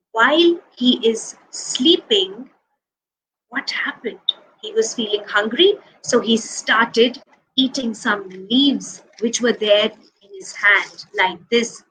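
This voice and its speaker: A woman telling a story to preschool children, animated, asking them questions and acting out the actions. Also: fairly high pitch, slight background noise, low-quality recording.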